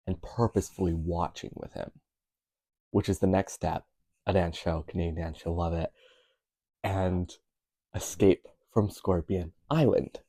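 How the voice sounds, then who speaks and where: A man's voice: deep voice, mellow, dry recording. A young man vlogging in a casual, rambling way, correcting himself and dropping wry asides.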